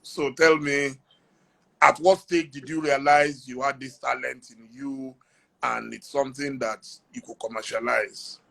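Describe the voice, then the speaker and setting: A man's voice: mid-range voice, steady tone, unhurried, creaky, bright, forceful tone. A man hosting a live-streamed interview, asking probing questions and steering the talk. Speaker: interview host. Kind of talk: casual interview on a social media live stream.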